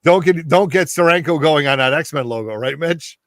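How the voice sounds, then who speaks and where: Brief: upbeat co-host, man, slightly high voice, dry sound. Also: moderate pace, no echo. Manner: enthusiastic, agreeable interjector. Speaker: podcast co-host. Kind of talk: casual chat.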